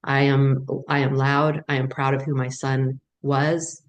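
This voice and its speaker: A woman's voice: extremely low pitch, flat delivery, measured pace. Earnest woman speaking over a video call. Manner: earnest and emphatic, repeating phrases. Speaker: panelist, bereaved mother and advocate. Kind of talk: heartfelt webinar testimony.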